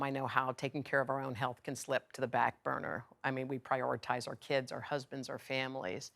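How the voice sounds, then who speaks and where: A middle-aged woman speaks in a low voice with a gravelly edge of vocal fry. She tells a personal story candidly and conversationally, acting out the lines of the people she quotes. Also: fairly bright tone. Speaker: award recipient giving a video message.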